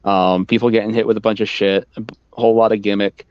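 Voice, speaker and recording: A man with a fairly low, smooth and resonant voice, chatting in a laid-back way and dropping in casual swears. He is recorded close and dry, with the sound a little dull. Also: little pitch movement, fast, no room sound. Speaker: podcast co-host. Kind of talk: casual chat.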